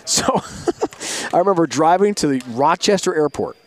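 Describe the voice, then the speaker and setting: A man's voice: a little high, expressive, normal speed. A middle-aged man, a sports broadcaster, telling a long travel story in an interview, acting out quoted voices and laughing often.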